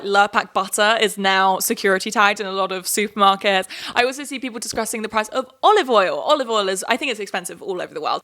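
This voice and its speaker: Twenties woman host, bright tone, animated rants, casual filler-heavy talk. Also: medium pitch. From England. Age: 20s. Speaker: podcast host. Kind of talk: casual monologue.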